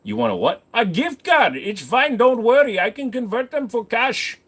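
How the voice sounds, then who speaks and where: A man's voice: sing-song, normal speed, fairly bright tone, heavily acted. A man doing an insistent phone scammer, pleading and wheedling. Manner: pleading, insistent, high-pitched. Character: pushy male phone scammer, wheedling, relentless.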